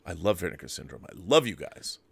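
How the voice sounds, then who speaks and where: A man's voice: low-pitched, big pitch swings, a little fast, creaky, slightly rough, no room sound. A man hosting a live stream, chatty and joking as he reads out viewer messages. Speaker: host. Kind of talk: casual live-stream chat.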